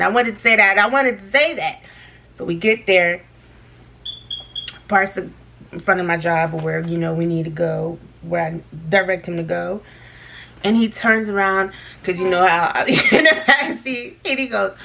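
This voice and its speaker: Bright lively young woman vlogger. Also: on the high side, normal speed, a little hiss or hum. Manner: animated, laughing, talks to viewers as girl and y'all. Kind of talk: storytime chat while doing makeup.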